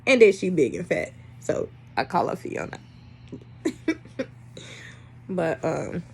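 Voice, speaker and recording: Animated, exasperated young woman vlogger. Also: fairly low pitch, takes it slowly, gravelly, pauses often, slightly rough. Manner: animated, exasperated, swings between loud and soft. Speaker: dog breeder. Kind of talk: casual vlog storytelling.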